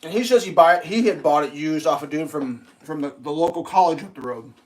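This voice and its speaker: A man's voice: a little high, brisk, a little mellow. Casual, swearing man telling a long story. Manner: swears freely, acts out quotes in a raised voice. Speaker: live streamer. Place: home kitchen while cooking.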